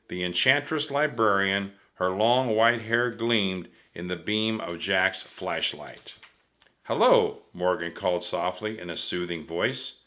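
A man narrating a children's book aloud in a slow, measured, expressive way. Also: low voice.

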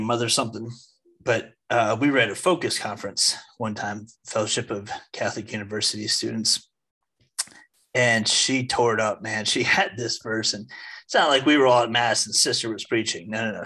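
Husky-voiced man telling a story. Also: fairly low pitch. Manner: storytelling, animated retelling. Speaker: podcast co-host. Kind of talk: casual faith discussion.

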